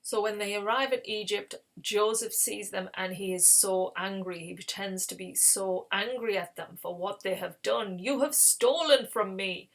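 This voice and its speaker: A woman casually retelling a Bible story in her own words, animated and acting out the characters as she goes. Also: mid-range voice, moderate pace, gravelly, hardly any pauses. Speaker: Bible reading series host.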